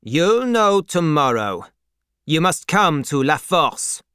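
A man playing a rough revolutionary guard in a storybook reading, curt and commanding, a touch higher and louder than his narrating voice. Delivery is slow and the sound is close and dry. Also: big pitch swings, no room sound, exaggerated voice. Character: rough revolutionary male guard, blunt and firm.

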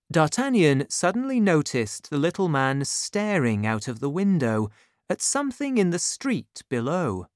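A narrator reading a storybook aloud in a clear, even storytelling manner. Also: mid-range voice, unhurried, no echo, clean studio sound.

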